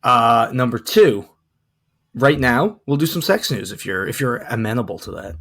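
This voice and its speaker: A man co-hosting a sex and dating podcast in casual chat, talking in a relaxed, rambling way with a croaky morning voice. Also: mid-range voice, normal speed. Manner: relaxed, rambling, frequent fillers. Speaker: podcast co-host.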